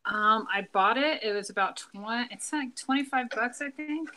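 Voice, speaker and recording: A woman chatting casually, calmly explaining a purchase, over a noisy line with clicks. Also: fairly high pitch, moderate pace. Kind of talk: casual chat.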